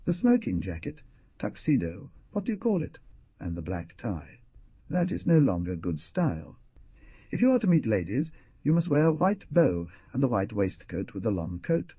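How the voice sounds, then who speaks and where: A man's voice: fairly low pitch, big pitch swings, moderate pace, husky, no room sound, lo-fi sound, exaggerated voice. A man voicing a stout, elderly, foreign-born hostess who fusses and scolds in formal phrasing, with a foreign accent. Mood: fussing.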